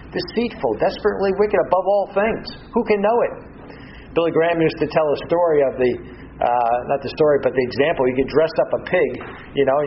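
A man giving a measured, earnest Bible-teaching sermon as pastor, with frequent pauses and restarts. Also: fairly high pitch, dull audio, a little hiss or hum.

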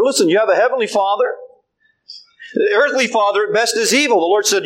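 A man's voice: high-pitched, a little fast, poor audio. An older man preaching a sermon, emphatic and repeating his refrains.

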